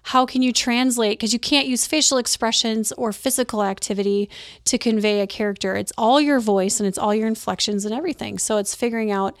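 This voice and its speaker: Crisp, lighthearted woman chatting. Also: on the high side, fairly even intonation, brisk, no room sound, studio quality. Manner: chatty, lots of fillers. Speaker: guest, voice actor. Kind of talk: casual chat.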